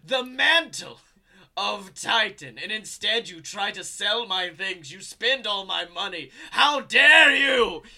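A man voicing a furious supervillain father who bellows his words slowly over an intercom. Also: high-pitched, lively intonation, gravelly, bright, forceful tone, voice pushed up, full character voice. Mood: enraged. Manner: bellowing, slow and drawn out. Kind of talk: casual storytelling.

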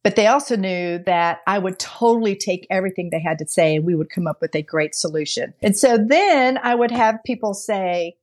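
A woman co-hosting a podcast, telling a story in casual conversation. She acts out quoted dialogue with lively changes of voice and laughs often between her words. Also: mid-range voice, normal speed, hardly any pauses. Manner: laughs often mid-sentence. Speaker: podcast co-host.

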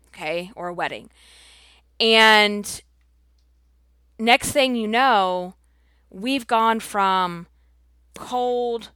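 A woman's voice: medium pitch, a bit bright, smooth, no room sound. A woman hosting her own show, talking casually and emphatically to her audience, peppering her speech with "like" and "you know.". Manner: chatty, full of "like" and "you know", personal and emphatic. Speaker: host speaking to her audience. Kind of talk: casual direct-to-camera monologue.

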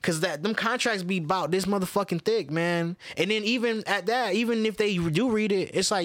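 A man's voice: sits high, no echo, studio quality. A man co-hosting a podcast, telling loose, profane stories in casual chat and jumping his voice around as he goes. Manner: loose, profane, animated storytelling with quick voice shifts. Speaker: podcast co-host.

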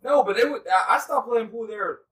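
A man with a high voice co-hosts a casual podcast chat. He tells stories in a laid-back but insistent way. He sounds distant from the mic. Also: brisk, fairly bright tone. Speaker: podcast co-host.

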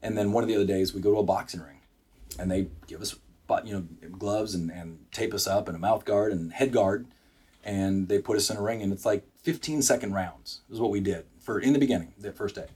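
A man's voice: fairly low pitch, a little fast. A man in his sixties tells a story as a guest on a studio podcast. He speaks with energy, jumps into the voices of the people in the story, and often restarts his sentences. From Wisconsin. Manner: energetic, acts out quotes, frequent restarts. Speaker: business owner guest. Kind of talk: animated storytelling in a podcast interview.

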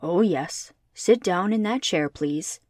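A woman reading aloud and voicing a little humbug wizard in a calm, measured, slightly lower voice. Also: dry recording, clean studio sound. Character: humbug wizard, little old man, smooth.

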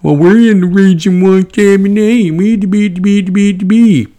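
A man with a Georgia accent putting on a high mocking voice of a whiny male coach making excuses. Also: moderate pace, mellow, lightly acted. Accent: Southern US, Georgia. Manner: mocking, high-pitched singsong.

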